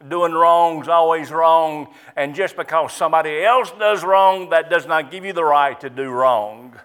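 A man's voice: fairly high pitch, fairly bright tone, smooth. A middle-aged man preaching a sermon as pastor, emphatic and repetitive, stressing key words.

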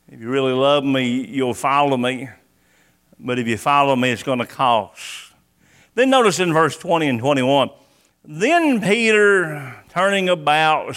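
A man's voice: fairly high pitch, a bit bright, smooth. A man preaching a sermon, reading scripture with dramatic rises and adding folksy, plainspoken asides.

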